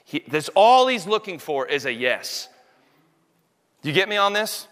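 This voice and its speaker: A man preaching a sermon in a small church room, intense and animated, acting out quotes as he goes. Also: a little high, moderate pace, long pauses, clear, resonant tone. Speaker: pastor. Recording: long hall reverb.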